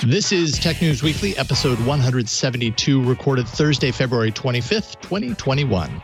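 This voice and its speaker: A man's voice: medium pitch, big pitch swings, normal speed, hardly any pauses, soft background music. Man reading a tech show intro. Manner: smooth announcer delivery. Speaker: co-host.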